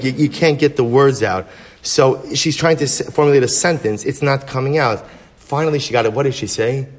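A man, a rabbi, teaching a Torah class with animated rhetorical questions and storytelling. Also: medium pitch.

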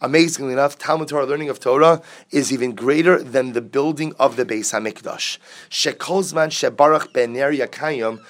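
A man's voice: medium pitch, moderate pace. A man teaching a daily Talmud class. He reads each Aramaic passage aloud, explains it in English and often asks the class questions. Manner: reads Aramaic text then explains it, with repeated rhetorical questions.

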